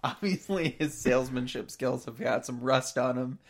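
Laughing, animated male storyteller. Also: mid-range voice, normal speed. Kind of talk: casual storytelling chat.

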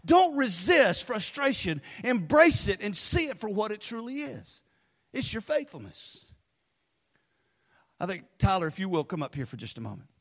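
A middle-aged man preaching a sermon in a high, bright-toned voice. He tells stories in a rambling, animated way and drops low for his asides. A long reverb from a big church hall trails each phrase. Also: moderate pace. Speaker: pastor. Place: church sanctuary.

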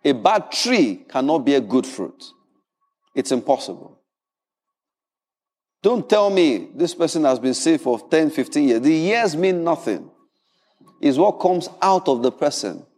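Animated preacher with a lively, high voice. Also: male voice, measured pace, pauses often, big-room sound. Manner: animated, humorous, repeats words. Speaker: pastor. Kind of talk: sermon.

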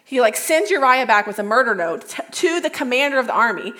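A woman's voice: a little high, expressive, brisk, bright, forceful tone. A young woman retells a Bible story to a youth group in loose, conversational speech. She is full of "like" and catches herself mid-sentence. Her voice sits a little above average. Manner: chatty, lots of "like", self-correcting. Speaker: youth speaker.

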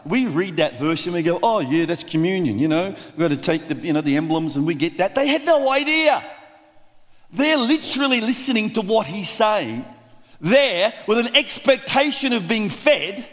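Brief: male preacher, animated storyteller, high voice, long hall reverb. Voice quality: lively, acts out voices of the crowd. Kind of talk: sermon.

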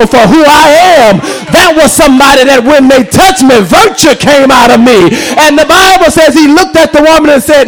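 A man preaching an impassioned sermon, shouting and tuning his lines with call-and-response. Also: very high-pitched, low-quality recording.

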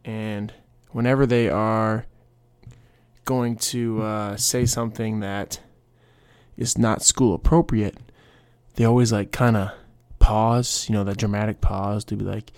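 A man's voice: on the low side, little pitch movement, measured pace, darkish tone, smooth, no echo. A young man hosting a casual solo podcast, rambling through stories with quoted voices and asides. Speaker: podcast host.

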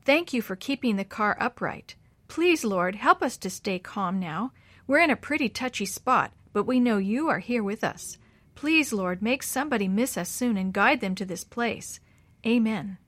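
A woman voicing a gentle, faithful elderly grandfather in a storybook read-aloud, talking in a steady, reassuring way. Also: a little high, normal speed, dry recording.

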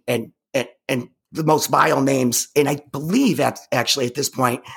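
Gravelly, husky woman telling her story. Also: extremely low pitch. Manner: halting, with frequent repeated restarts; emphatic, intense retelling. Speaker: interview guest. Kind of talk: personal storytelling in conversation.

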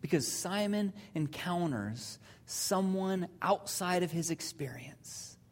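A pastor giving a sermon in a conversational, storytelling way, sometimes with hesitant fillers, and dropping to a hush at serious points. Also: mid-range voice, expressive, takes it slowly.

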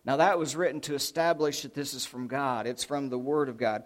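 Animated preacher telling Bible stories. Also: male voice, a little high. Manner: animated storytelling, drawn-out emphasis on key words. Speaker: pastor. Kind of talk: sermon.

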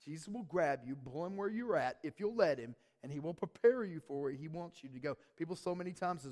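Emphatic high-voiced male pastor. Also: expressive, brisk, few pauses, a little mellow. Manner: emphatic, call-and-response with the congregation. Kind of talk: sermon. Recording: reverberant church hall.

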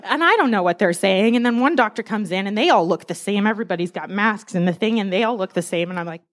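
A young woman giving a casual sermon to a church crowd, talking fast and freely. She is animated and self-deprecating, breaks into laughter often, and speaks in a mid-pitched, conversational voice.

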